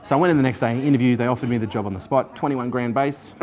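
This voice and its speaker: A man in his forties, a guest in an interview, telling his life story casually, animated and swearing freely while acting out what others said. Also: medium pitch, very fast, crowd noise. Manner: animated, swears freely, acts out quoted people.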